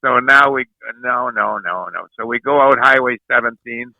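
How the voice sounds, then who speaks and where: An older man rambles through stories with a bright, gravelly edge to his voice. He circles back and repeats words as he goes. The sound is dry and close, with no room around it. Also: medium pitch, moderate pace, dry recording, lo-fi sound. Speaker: guest. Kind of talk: rambling storytelling.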